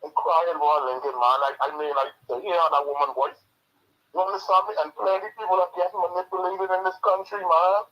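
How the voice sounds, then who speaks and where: Bahamian caller, all worked up and upset, husky voice, phone sound. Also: male voice, high voice, brisk. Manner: impassioned, distressed, repeats the host's name. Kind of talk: call-in phone talk. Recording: phone line.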